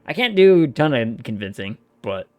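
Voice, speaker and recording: A man's voice: medium pitch, big pitch swings, normal speed, a little mellow, no room sound, muffled recording. Chatty streamer man, dry close mic. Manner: chatty, loose, swears casually. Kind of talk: casual gaming stream chat.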